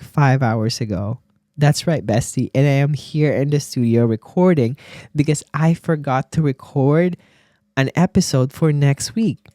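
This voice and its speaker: A man's voice: on the high side, mellow, dry recording. A man, a nurse hosting his own podcast, chatting in a sassy, gossipy way straight to his listeners from a studio. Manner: sassy, chatty, calls listeners bestie and baby. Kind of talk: casual solo podcast chat. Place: recording studio.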